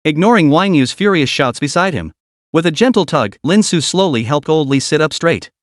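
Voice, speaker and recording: A male narrator telling a scripted story recap with dramatic, steady delivery. His voice sits a little high with lively pitch movement, and the sound is dry and close. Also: a little fast, no room sound.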